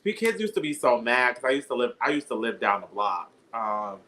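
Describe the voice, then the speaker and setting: Brief: man with a Bronx accent, sassy and animated guest, bright sharp tone. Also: medium pitch, a little fast. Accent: New York (Bronx). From Bronx, New York. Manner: sassy, animated, laughs through stories. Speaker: podcast guest. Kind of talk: casual podcast chat.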